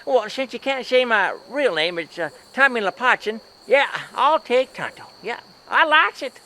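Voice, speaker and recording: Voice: medium pitch, expressive, moderate pace, bright, forceful tone, low-quality recording. A performer voicing a cheeky, sentimental sidekick companion in a homemade comedy sketch, teasing and giggly with a drawl.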